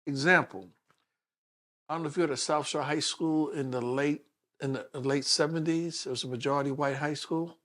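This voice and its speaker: A New York City detective in his sixties tells his life story as an interview guest, animatedly acting out the voices of the people in it. His New York-accented voice is on the high side at a moderate pace.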